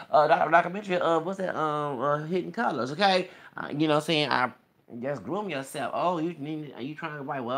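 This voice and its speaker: A man with a gravelly, mid-range voice vlogs from Texas, ranting heatedly and rambling on camera. Again and again he insists on his points by tacking "okay?" onto his sentences.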